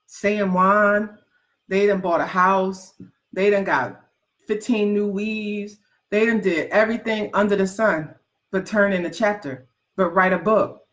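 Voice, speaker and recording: A woman coaching aspiring book writers in a motivational talk to a live audience, emphatic and repetitive, teasing her listeners and calling them "baby". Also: mid-range voice. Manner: folksy, calls listeners "baby".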